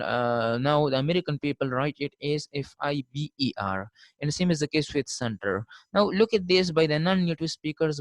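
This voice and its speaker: A man giving a recorded linguistics lecture. He keeps saying "fine" between points and slows down to spell out each example word. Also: fairly high pitch, dry recording.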